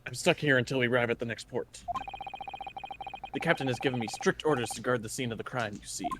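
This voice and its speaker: A man voicing an earnest male ship inspector, reading slowly and deliberately with pirate-like asides, as a fan voice-over of a game. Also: mid-range voice, background noise, lightly acted. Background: game music.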